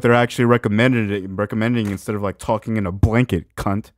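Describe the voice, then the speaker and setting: A man hosting a reaction video, ranting with crude, sarcastic mockery and swinging between loud outbursts and low mumbles. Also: steady tone, brisk, few pauses, no room sound, clean studio sound. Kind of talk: profane ranting reaction commentary.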